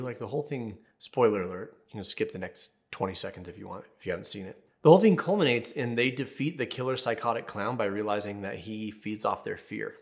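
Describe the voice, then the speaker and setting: A man in his thirties, a therapist hosting an advice video, talking casually and candidly with jokey asides and personal stories. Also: on the low side. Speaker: therapist, channel host.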